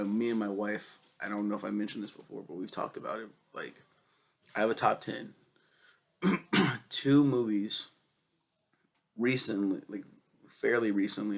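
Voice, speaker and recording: A young man with a cold and a cough, casually reviewing a film, swearing a lot and rambling excitedly. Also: on the low side, vocal fry, breathy edge. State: sick with a cough.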